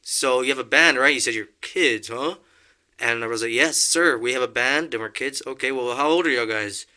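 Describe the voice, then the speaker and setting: A man's voice: medium pitch, normal speed, sharp tone. A young man telling a story in casual conversation, acting out quotes and laughing often. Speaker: podcast guest.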